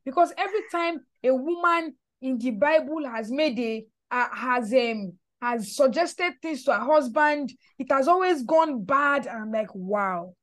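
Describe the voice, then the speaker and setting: A woman hosting a casual podcast chat, animated and repeating words as she builds her point. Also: sits high, a little slow, few pauses, no room sound. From Nigeria. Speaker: podcast host.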